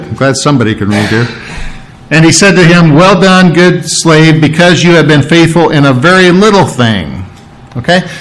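Conversational preacher man, fairly high voice. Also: poor audio. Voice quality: clears his throat often. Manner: conversational Bible teaching with rhetorical questions and asides. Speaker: pastor. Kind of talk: sermon.

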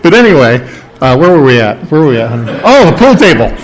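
A man's voice: medium pitch, sing-song, fast, low-quality recording. A middle-aged man preaching a sermon in a conversational way, stopping to ask his congregation questions. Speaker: pastor.

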